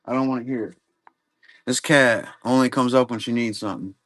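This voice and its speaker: A man hosting a live card-break stream talks fairly quickly in a mid-range, fairly bright voice with a steady tone. His casual chat rambles along in a laid-back way, with some swearing.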